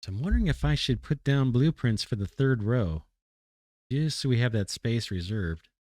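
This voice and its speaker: Building in a let's play, a man muses aloud and keeps self-correcting in relaxed commentary. His mid-range voice is expressive, a little mellow, and at normal speed, slightly worn from losing it, captured in studio quality with no echo.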